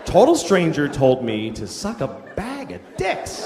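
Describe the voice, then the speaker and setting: A man's voice: fairly high pitch, wildly swooping pitch, a little slow, over music. A man performing stand-up comedy, telling a story animatedly with swearing and laughter. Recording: live stage recording with hall reverb, crowd and noise.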